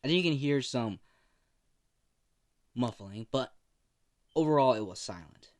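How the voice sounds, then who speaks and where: A man's voice: mid-range voice, lively intonation, a little mellow. A young man casually telling a profane fan fiction story in a rambling way. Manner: slow, rambling, profane, laughs at his own story.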